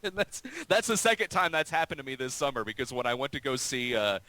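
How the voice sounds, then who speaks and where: A man's voice: mid-range voice, sing-song, fast talker, bright, forceful tone, poor audio. A man hosting a casual stream chat, talking in a profane, rambling way with many restarts.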